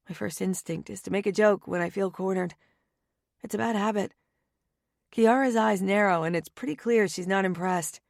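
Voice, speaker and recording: A woman narrating a first-person romance audiobook in a wry, anxious and often hushed manner, on a close studio mic. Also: mid-range voice, moderate pace, creaky, no echo.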